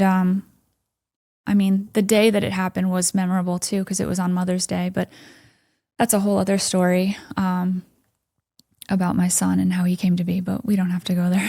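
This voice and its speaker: A woman's voice: mid-range voice, creaky. A woman giving a candid personal testimony as a podcast guest, quoting her own thoughts. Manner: candid storytelling with quoted inner thoughts and soft laughs.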